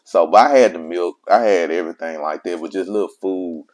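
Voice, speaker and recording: A man's voice: low-pitched, fairly quick, darkish tone. A man who is a father, telling his own life story in casual, slangy speech and repeating himself for emphasis. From Mississippi. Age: adult father of children.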